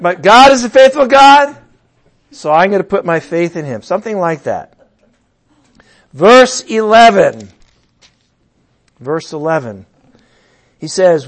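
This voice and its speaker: A middle-aged man giving a sermon, his voice a touch higher than most men's. He talks in a loose, conversational way, then raises his voice for loud emphatic bursts. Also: very animated, normal speed, long pauses. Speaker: pastor.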